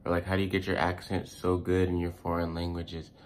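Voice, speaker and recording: A young man from the United States talks casually to his viewers, his voice sitting very low. He rambles, restarts his sentences and leans on fillers as he shares tips. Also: completely flat delivery, brisk. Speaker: language-learning YouTuber.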